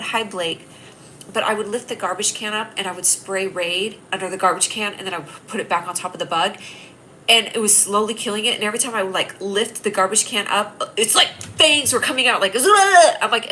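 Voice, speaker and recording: A woman's voice: medium pitch, sharp tone, a little hiss or hum, poor audio. A woman hosting a casual livestream, rambling and teasing her viewers, with a stuffy nasal voice. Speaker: livestream host.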